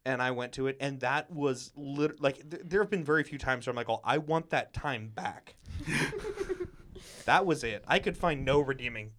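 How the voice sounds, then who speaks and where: A man's voice: medium pitch, moderate pace, fairly bright tone. A man co-hosting a podcast, chatting casually about musicals in a wry, rambling way full of asides. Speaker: podcast co-host.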